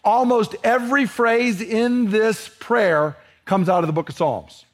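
Earnest preacher man with a high voice. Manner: earnest, emphatic, slows down for scripture readings. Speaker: pastor. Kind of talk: expository sermon.

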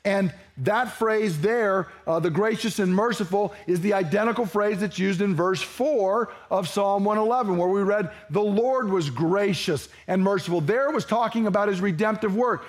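A man's voice: sits high, moderate pace, few pauses. A man preaching a verse-by-verse sermon as pastor, talking conversationally and asking his listeners to fill in words. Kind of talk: expository sermon.

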